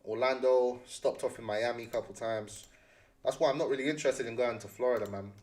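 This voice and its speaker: A man's voice: mid-range voice, fairly even intonation, fairly quick, a little mellow, far from the mic. A young man chatting casually, full of slang and repeating his phrases as he rambles. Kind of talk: casual chat.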